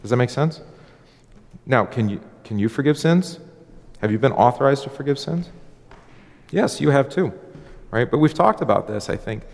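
A man preaching as a pastor in a relaxed, conversational sermon, acting out little dialogues and often restarting his sentences. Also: medium pitch, normal speed, creaky, long pauses. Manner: conversational, acts out dialogue, frequent fillers and restarts. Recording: long hall reverb.

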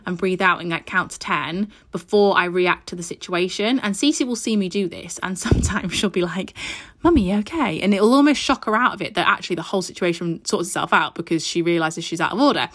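A woman's voice: fairly low pitch, fairly quick, hardly any pauses, a bit bright. A woman hosting a solo parenting podcast from her mother's house, chatting in a reassuring way and offering tips. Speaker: podcast host. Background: aeroplane overhead at times.

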